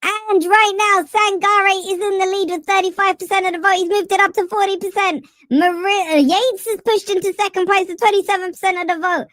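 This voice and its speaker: A chipmunk-high, childlike voice, with goofy, teasing energy. It sounds like a mock sports commentator on a live stream. The mic is close and dry. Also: male voice, fairly even intonation, brisk, few pauses, sharp tone, dry recording. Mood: mock commentary. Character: squeaky voice-changed fan, male adult. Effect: high-pitched voice changer.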